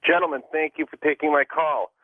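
A man calling in to a radio show, polite and measured. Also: fairly high pitch, fairly even intonation, dry recording. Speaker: caller. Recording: tinny phone line on radio.

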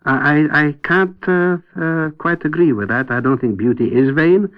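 A male guest commentator on a radio discussion sounds hesitant and wry, with many pauses and restarts. His voice is on the high side, heard on a dull old radio recording.

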